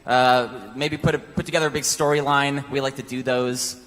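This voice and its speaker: A man delivering a cocky, deadpan comic monologue on a convention stage. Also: medium pitch, moderate pace. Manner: cocky, deadpan swagger with swearing. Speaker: contestant cutting a promo. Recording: long hall reverb.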